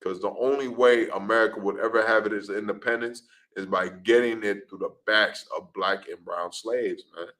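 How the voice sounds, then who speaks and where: In a low-quality recording, a man with a lowish, a bit bright voice speaks at a moderate pace with few pauses and fairly even intonation. He's preaching in a street-talk class, emphatic and repetitive, often finishing lines with "man" and acting out scenes.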